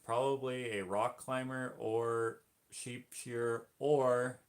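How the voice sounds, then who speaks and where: Male streamer, low gravelly voice, playful banter. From Canada. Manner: joking, teasing viewers. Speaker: livestream host painting. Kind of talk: casual livestream chat reading comments.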